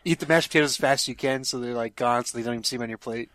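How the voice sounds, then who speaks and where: Male co-host, casual banter, quick to laugh, teasing. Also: medium pitch, fairly bright tone, no echo. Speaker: podcast co-host. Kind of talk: casual podcast chat.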